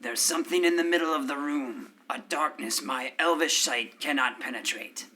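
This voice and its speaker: A man playing an earnest male elf adventurer in a tabletop game skit, talking in an unhurried, earnest way. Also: medium pitch, sharp tone, close to an everyday voice. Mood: eager.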